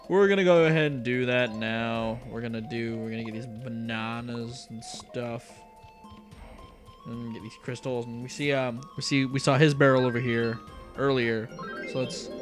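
Bright-voiced young man narrating gameplay. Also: medium pitch. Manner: rambling, mutters under his breath while playing. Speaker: let's play host. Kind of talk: casual video game commentary.

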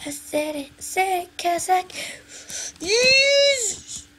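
High-voiced young woman playing a game. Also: big pitch swings, very slow, pauses often, sharp tone, slight background noise. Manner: chatty, sings along to pop songs, talks to viewers. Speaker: gaming video maker. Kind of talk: casual gameplay commentary.

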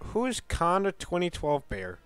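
A man hosting a game stream, chatting casually and telling rambling, animated stories. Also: high voice, normal speed, clear, resonant tone, no echo, soft background music. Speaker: streamer host. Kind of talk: casual gaming chat.

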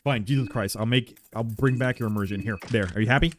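A man streaming a horror game, giving crude, joking play-by-play commentary that swings between mutters and yells. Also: medium pitch, very animated, no room sound. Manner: profane, joking, quick swings in loudness.

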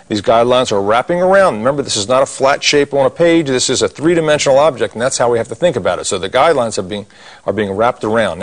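Man teaching cartoon drawing, folksy. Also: lowish voice. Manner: folksy, corny jokes, talks while drawing. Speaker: drawing instructor. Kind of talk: step-by-step cartoon drawing lesson.

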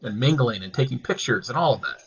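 Enthusiastic male host, bright husky voice. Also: medium pitch, expressive, fast, lo-fi sound. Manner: enthusiastic, admiring, stumbles on words. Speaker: interview host. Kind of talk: friendly interview questions.

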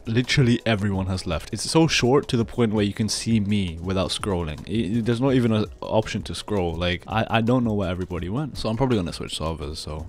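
A young man giving casual, sarcastic commentary on his own gameplay, just woken up and low on energy, tacking "bro" onto everything. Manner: sarcastic, exasperated, says "bro" constantly. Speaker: gaming video creator.

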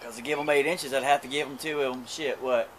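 A man's voice: medium pitch, steady tone, quick pace, noisy background. A man chatting casually while cooking outdoors at a grill, crude and joking, stumbling over his words. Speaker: cooking vlogger. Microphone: camera mic.

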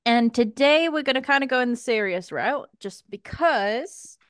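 A woman's voice: on the high side, animated, moderate pace, clear, resonant tone, no echo, studio quality. A woman from England with a British English accent, hosting a casual group podcast chat. She is chatty and giggly, and she reads some parts out from her notes. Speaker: podcast host.

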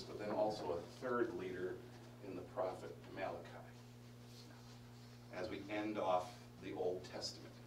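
A man preaching a Bible study sermon, lively and emphatic, asking the congregation questions and restarting his sentences. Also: sits low, noisy background. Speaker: pastor teaching a Bible study. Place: church hall. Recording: roomy live-stream audio from a distance.

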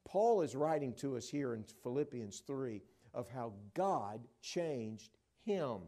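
A middle-aged man preaching a sermon in a church, telling stories and swinging from hushed to loud, excited delivery. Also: mid-range voice, takes it slowly. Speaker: traveling evangelist preacher. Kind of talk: sermon with storytelling. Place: church sanctuary at a conference. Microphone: wearing a microphone.

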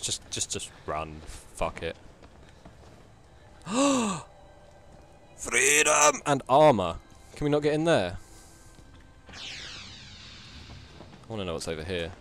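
A man's voice: medium pitch, wildly swooping pitch, takes it slowly, long pauses, fairly bright tone, faint music behind. A man giving jumpy, cursing commentary on a horror game, yelping at scares. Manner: jumpy, swears and yelps at scares. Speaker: let's play gamer.

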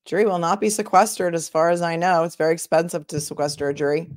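A woman's voice: lowish voice, fairly even intonation, fast, dry recording, clean studio sound. A woman attorney hosting a casual livestream, chatting and answering viewer comments as she thinks aloud.

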